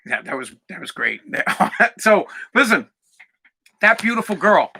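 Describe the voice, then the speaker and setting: Man, podcast host, heated profane rant, very sharp bright tone. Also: high voice, sing-song, unhurried, vocal fry, slightly rough. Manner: heated, profane, sometimes shouting. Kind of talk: ranting podcast monologue.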